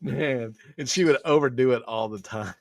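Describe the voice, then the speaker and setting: A man with an everyday mid-pitched voice, co-hosting a podcast and swapping casual stories in a relaxed, easygoing way. The recording is dry and close, with no room sound. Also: normal speed, no echo. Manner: laughing often, storytelling, easygoing. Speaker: podcast co-host. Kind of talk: casual chat.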